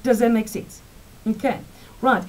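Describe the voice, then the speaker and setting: South African woman vlogger, forties, fairly high-pitched, animated, talks straight to viewers, teacherly. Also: measured pace, poor audio. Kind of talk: chatty storytelling to camera.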